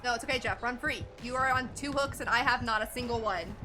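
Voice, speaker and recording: A woman streamer giving excitable, laughing commentary on her gameplay as she talks to the teammates on screen. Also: a little high, fast, noisy background.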